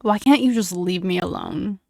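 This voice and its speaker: A woman's voice: fairly low pitch, expressive, moderate pace, creaky, a little mellow, no echo, studio quality. A woman voicing a young male hockey player who pleads and then snaps back in anger. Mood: angry.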